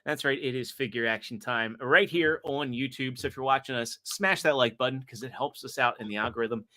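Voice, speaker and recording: A man's voice: mid-range voice, brisk, sharp tone. A man hosting a casual podcast, rambling through a joke and reading out viewer chat. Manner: rambling, joke-telling, reads chat aloud. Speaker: podcast host.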